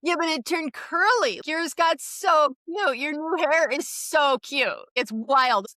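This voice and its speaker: A woman's voice: high-pitched, slow pace, sharp tone, dry recording. A middle-aged woman co-hosting a podcast, talking frankly and with a lot of swearing in casual chat. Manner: frank, profane, self-deprecating. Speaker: podcast co-host.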